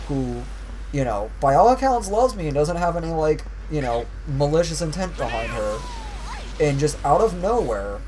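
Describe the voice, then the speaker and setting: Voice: medium pitch, background noise. A young adult streamer giving casual, dramatic rants while playing a game, swearing often and sounding exasperated. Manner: profane, exasperated, dramatic ranting. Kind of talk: casual ranting commentary while gaming.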